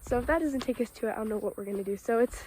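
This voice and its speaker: A woman with a high, bright-pitched voice talks to her handheld camera on an outdoor trail. Her talk is casual and chatty, full of restarts. A faint hiss of wind sits behind her. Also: rapid-fire. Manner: chatty, rambling, with frequent restarts and laughs. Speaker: family vlogger. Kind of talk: casual outdoor vlog narration. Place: outdoors on a windy hiking trail.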